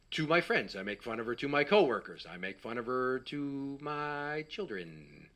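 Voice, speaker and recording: A man's voice: mid-range voice, bright, forceful tone. A middle-aged man doing a stand-up set, telling a profane, exasperated story and acting out the quotes. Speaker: stand-up comedian.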